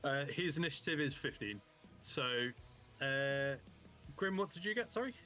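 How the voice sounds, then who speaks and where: A man with a fairly high, bright voice runs a tabletop game as game master, narrating casually at a normal speed with an animated, forceful tone. His delivery rambles, full of fillers and restarts, with soft music playing behind him.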